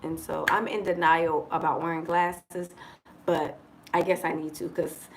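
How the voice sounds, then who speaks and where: A woman from the United States chatting casually on a livestream from abroad, expressive and joking, calling her viewers y'all. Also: deep voice, measured pace, slight background noise, low-quality recording. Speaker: vlogger living abroad. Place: indoors in Dar es Salaam.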